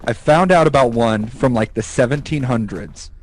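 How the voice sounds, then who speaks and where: A man co-hosting a podcast, telling stories in an animated, profane, casual way and laughing as he goes. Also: medium pitch, normal speed, poor audio. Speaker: podcast co-host. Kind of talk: casual storytelling chat.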